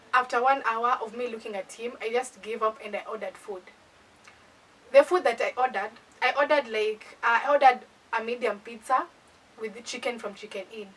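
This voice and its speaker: Young Kenyan woman, animated storyteller, high breathy voice, distant mic. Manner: animated, indignant, code-switching. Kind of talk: casual storytime.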